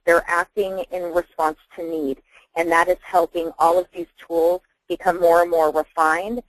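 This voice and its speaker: A woman speaking as a webinar guest, enthusiastic but halting, often searching for her words. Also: on the low side, fairly bright tone, no room sound, rough recording. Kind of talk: conversational webinar talk.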